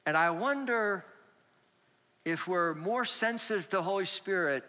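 A male pastor preaching a sermon, telling a personal story slowly and acting out the dialogue. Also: high-pitched, animated, sharp tone, big-room sound. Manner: slow, storytelling, acts out dialogue.

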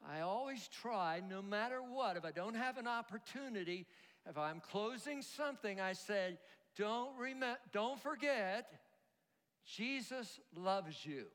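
A man preaching a sermon as pastor, animated, leading the congregation in call-and-response. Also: sits high, a little slow. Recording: long hall reverb.

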